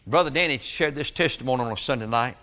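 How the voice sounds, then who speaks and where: A man's voice: medium pitch, fast, sharp tone. Folksy preacher man. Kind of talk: sermon.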